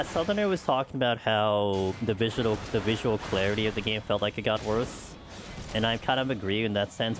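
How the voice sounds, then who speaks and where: Rambling streamer, lowish voice. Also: male voice. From United States. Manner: rambling, filler-heavy, chatty with viewers. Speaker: game streamer. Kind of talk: casual chat while playing.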